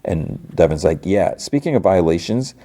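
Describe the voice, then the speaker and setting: Low, dark-voiced man recapping a show. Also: animated, moderate pace. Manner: retells scenes by quoting characters in plain voice, laughs often. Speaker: podcast host. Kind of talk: casual episode recap.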